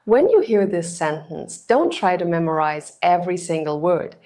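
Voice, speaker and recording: A woman tutor narrating a scripted test-prep lesson in an even, instructional way. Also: on the low side, normal speed. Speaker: TOEFL tutor.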